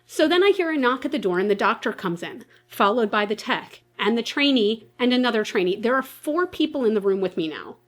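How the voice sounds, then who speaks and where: Young woman, twenties, somewhat high voice, casual makeup chat, laughs a lot, says "like" often. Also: expressive, a little fast, hardly any pauses. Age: 20s. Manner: chatty, lots of "like", laughs often. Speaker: beauty vlogger. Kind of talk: casual storytelling while doing makeup.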